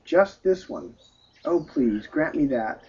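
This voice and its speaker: A man voicing an anguished, humble friar who prays and pleads softly and tearfully. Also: a little high, expressive, slow, husky, exaggerated voice. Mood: pleading. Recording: dull lo-fi recording.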